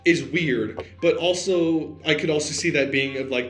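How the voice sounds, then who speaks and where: A man's voice: a little high, normal speed, fairly bright tone, echoey room. A man co-hosting a podcast, thinking aloud in casual, rambling chat full of fillers. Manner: speculative, rambling with many fillers. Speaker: podcast co-host.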